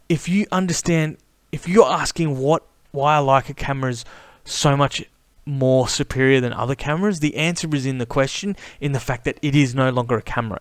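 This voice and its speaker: A man in a casual, enthusiastic vlog monologue, chatty and animated, often calling the listener mate. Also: mid-range voice, dry recording. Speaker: camera vlogger.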